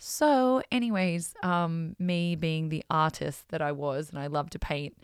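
A woman hosting a podcast, telling stories in an animated, self-mocking way and swearing freely. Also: deep voice, a little slow, clear, resonant tone, no room sound, clean studio sound. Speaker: podcast host. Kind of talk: casual storytelling.

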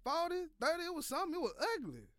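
A man's voice: extremely high pitch, wildly swooping pitch, rapid-fire, fairly bright tone, no echo, clean studio sound. A man hosting a sports podcast, delivering a loose, profane, slangy rant with lots of repeated phrases. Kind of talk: casual sports commentary monologue.

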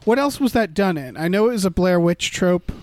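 A man's voice: sits high, animated, a little fast, a little mellow, no echo. A man co-hosting a casual movie-review chat, rambling with fillers and restarts. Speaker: podcast co-host.

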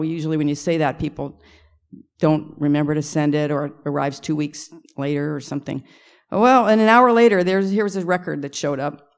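A middle-aged woman composer telling rambling stories at a luncheon Q&A, often stopping to correct herself and adding laughing asides. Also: low voice. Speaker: composer and arranger guest. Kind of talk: storytelling at a luncheon Q&A. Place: luncheon event room.

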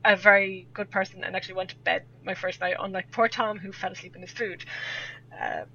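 A woman's voice: medium pitch, fairly even intonation, a little fast, creaky, bright, forceful tone, slight background noise. A young Irish woman telling a rambling story in casual chat, laughing often as a podcast guest. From Ireland. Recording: dull lo-fi audio.

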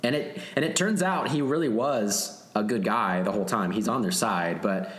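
A man co-hosting a podcast, chatting about a movie in an animated, casual way and swearing freely. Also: lowish voice, normal speed, roomy sound. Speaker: podcast co-host. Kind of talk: casual movie recap chat.

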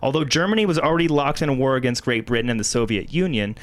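A man's voice: medium pitch, expressive, fast talker. A man with an Ohio accent co-hosting a podcast, reading history notes aloud. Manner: reads history aloud, breaks into laughs. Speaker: podcast co-host.

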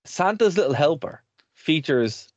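A man's voice: on the high side, animated, a little slow, no echo. A man co-hosting a chatty radio show, rambling through his points and laughing easily. His voice comes across slightly dull and lo-fi, recorded close and dry. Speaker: podcast and radio co-host. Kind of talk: casual chat.

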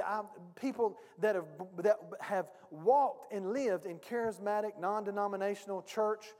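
A male pastor preaching a sermon, emphatic and speaking directly to his congregation. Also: high-pitched. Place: church sanctuary. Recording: long reverb of a church hall.

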